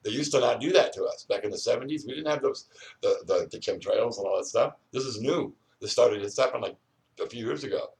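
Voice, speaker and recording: A man's voice: medium pitch, animated, fairly quick, vocal fry, distant mic. An older man rambling and ranting outdoors, full of "you know" fillers. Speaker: vlogger.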